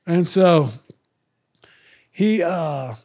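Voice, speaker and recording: A man's voice: on the high side, lively intonation, darkish tone. A middle-aged man telling profane stories on a podcast, acting out other people's lines in a raised voice. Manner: profane, drawn-out slang. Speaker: podcast guest. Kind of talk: storytelling in casual talk.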